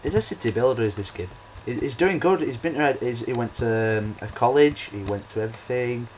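A man's voice: medium pitch, brisk, background noise. Rambling man commentating a game. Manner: rambling, hesitant, many ums and restarts. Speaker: let's play host. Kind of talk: casual gameplay commentary.

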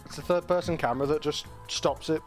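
A man's voice: a little high, fast, soft background music. A man chatting casually while gaming, joking and laughing often. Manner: laughs often, lively banter. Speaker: streamer.

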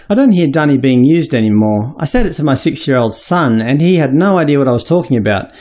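A man's voice: medium pitch, big pitch swings, fast, hardly any pauses, a little mellow. An Australian man in his thirties giving a scripted explainer, wry and casual with cheeky crude asides. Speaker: vlogger explaining slang.

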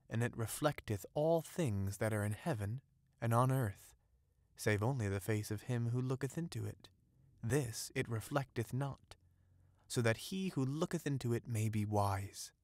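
A male audiobook reader voicing a calm, mysterious temple priest, speaking in a quiet, measured way. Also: mid-range voice, no room sound, clean studio sound, lightly acted.

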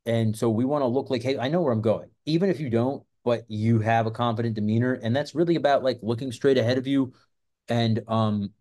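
A man's voice: mid-range voice, fairly even intonation, brisk, dark tone. A man hosting a self-defense channel, talking in a rambling, casual monologue full of fillers and swearing. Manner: rambling, profane, filler-heavy.

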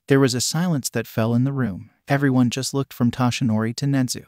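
A man reading a story aloud as narrator, in an even, flat manner. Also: mid-range voice, brisk, hardly any pauses, no room sound, studio quality. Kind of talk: synthetic-sounding storytelling narration.

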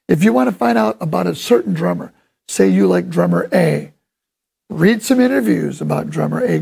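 A man talks through a drum lesson in a loose, rambling way, full of enthusiasm. His fairly high voice is heavily gravelly and deeply husky, as if worn rough. He sometimes sounds out drum patterns with his mouth. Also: darkish tone. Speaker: drum instructor. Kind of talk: casual spoken drum lesson.

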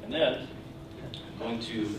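An enthusiastic man rattles through a quick gadget demo. He is picked up from a distance in a very echoey museum room, with steady noise behind him. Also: medium pitch. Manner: enthusiastic, fast-talking. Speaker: presenter. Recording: echoey room from far off, noisy.

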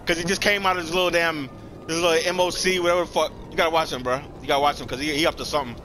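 A man's voice: fairly high pitch, fairly even intonation, racing, slight background noise. Slangy young man trash-talking over gameplay. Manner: slangy trash talk to other players. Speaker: gameplay commentator. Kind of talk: live gameplay commentary. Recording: loud game sounds under the voice.

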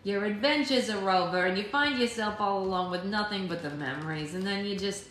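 A woman's voice: on the low side, a bit bright, reverberant, a little hiss or hum, close to an everyday voice. A woman reading aloud, voicing a wry, worldly old woman who talks in a drawling, salty way.

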